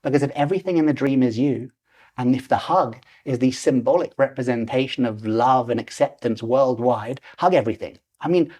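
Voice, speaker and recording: A man in his forties, a lucid dreaming teacher appearing as a podcast guest, tells a personal story animatedly and acts out its voices. His voice is medium-pitched, a little mellow, with a breathy edge.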